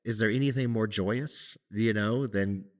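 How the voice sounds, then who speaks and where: A man co-hosting a podcast, talking in a casual, animated way with many restarts. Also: on the low side, measured pace. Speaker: podcast co-host, musician. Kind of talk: casual conversation.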